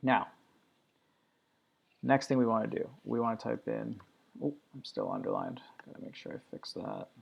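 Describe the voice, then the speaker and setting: A man teaching, talking through a screen-recorded software tutorial in a relaxed, step-by-step way. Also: fairly low pitch, moderate pace, creaky, long pauses, breathy edge, lo-fi sound. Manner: relaxed step-by-step walkthrough talk.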